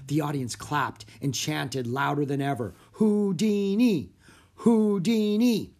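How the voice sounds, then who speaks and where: A narrator reads aloud from a children's chapter book, telling the story in an expressive, animated way. The voice is medium-pitched and gravelly with a breathy edge, at a moderate pace.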